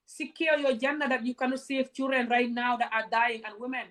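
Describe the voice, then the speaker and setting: A woman's voice: on the high side, level tone, brisk, a bit bright. Woman w/ ranting to camera, heated, keeps throwing questions at her viewers. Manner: passionate, confrontational, many rhetorical questions. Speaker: vlogger. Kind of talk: direct-to-camera rant.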